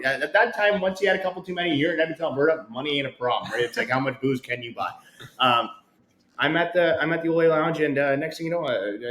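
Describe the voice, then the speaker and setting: A chatty man spins a rambling tale in a roomy, echoing space. He keeps dropping fillers and jumps into acted-out quotes with wild swings in his voice. His pitch sits in a middle range for a man. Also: slight background noise. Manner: animated, acts out quotes with big pitch swings, many fillers. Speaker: podcast co-host. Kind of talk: rambling storytelling chat. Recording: roomy echo.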